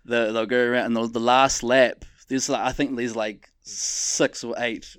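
A middle-aged man chats on a podcast, swearing freely. He tells stories loudly and with animation. The sound is dry and close. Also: mid-range voice, moderate pace, smooth, no echo. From New Zealand. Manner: crude, swears a lot, loud animated storytelling. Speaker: podcast co-host. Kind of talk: casual chat. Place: home room.

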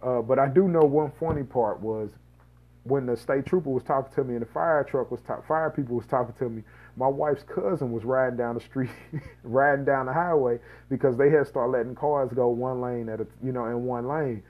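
A man's voice: medium pitch, normal speed, a little mellow. Guy from missouri telling his own story, slangy, rambles, medium voice. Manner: slangy, rambling, lots of fillers and asides. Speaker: podcast host. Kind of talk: casual first-person storytelling.

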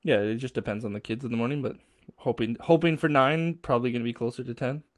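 A Canadian man talks loosely with a co-host in an average-pitched voice, often laughing and restarting words mid-thought. The recording is dry and close, with no room sound. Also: fast, no room sound. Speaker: podcast host. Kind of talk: casual chat.

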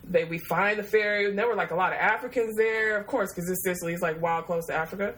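A woman, telling a travel story in a casual, rambling way. She swears freely and laughs often. Her voice sits at a middle pitch for a woman. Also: fast, fairly bright tone, low-quality recording. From Detroit, USA.

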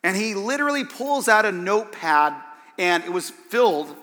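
A man gives a sermon as a pastor, telling a story with energy and acting out each voice in it. His voice sits a little high and has a bright, forceful edge. It rings with the long reverb of a large hall. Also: normal speed. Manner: animated, acts out the voices in his stories.

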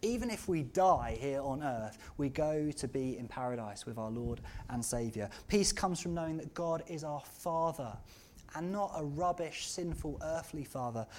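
A preacher giving a sermon in a church, earnest and at times rising to loud, impassioned outcries. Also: mid-range voice.

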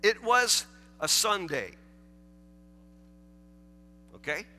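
A man's voice: high voice, very animated, drawn-out words, sharp tone. A man, preaching a folksy, self-deprecating sermon in a large church, recorded with long hall reverb. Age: 40s. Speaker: pastor. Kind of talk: sermon with storytelling.

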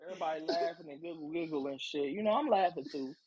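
A woman's voice: low-pitched, quick pace, highs cut off, a crowd in the background. A woman podcast host in casual chat, telling a story with lots of swearing and acting out what people said. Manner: animated, profane, acts out quoted voices.

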